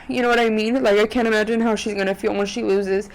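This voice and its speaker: Tearful young woman vlogging, rambling softly. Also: on the high side, flat delivery, racing, hardly any pauses, low-quality recording. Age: 20s. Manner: chatty, rambling, with many ums and self-corrections. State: tearful, on the verge of crying. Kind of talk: casual vlog talk to camera. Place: corner of her apartment room. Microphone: USB desk microphone.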